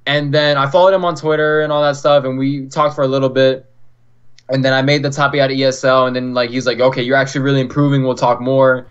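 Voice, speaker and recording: This young guest from Florida, who plays fighting games competitively, keeps spinning chatty stories on the podcast, full of "like" and acted-out quotes. His voice is medium in pitch with little movement, quick, clear and resonant, though the online call leaves the sound dull and lo-fi.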